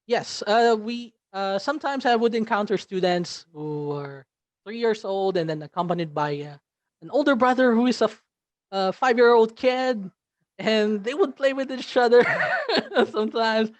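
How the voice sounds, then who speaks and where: A man's voice: sits high, lively intonation, unhurried, no echo. A man from the Philippines with a Filipino accent, an English teacher speaking as a guest in an interview, hesitant with many fillers and restarts. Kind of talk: interview conversation.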